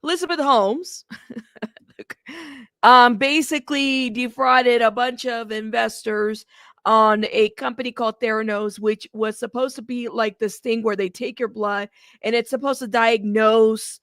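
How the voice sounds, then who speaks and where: Chatty woman reacting to clips, a bit high, kinda gravelly, laughs a lot. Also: measured pace, no echo, clean studio sound. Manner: chatty, animated, talks straight to viewers; laughs often. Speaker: host of a commentary channel. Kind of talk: casual reaction commentary.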